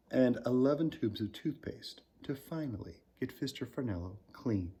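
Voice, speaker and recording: A man, a children's author, reading a picture book aloud with animated storytelling, swinging pitch and loudness and dropping to a whisper. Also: normal speed, few pauses, slightly rough.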